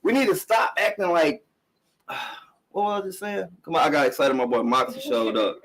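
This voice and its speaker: A man's voice: on the high side, moderate pace, fairly bright tone, rough recording. Blunt, swearing man ranting on a podcast. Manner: emphatic, blunt, swearing, repetitive. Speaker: podcast host on a live stream. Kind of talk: casual profane commentary rant.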